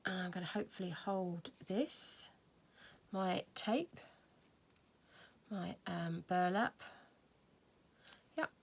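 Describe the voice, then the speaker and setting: A woman's voice: lowish voice, slow pace, gravelly, pauses often. A woman hosting a casual crafting tutorial, chatting and thinking aloud as she works. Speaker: craft video host.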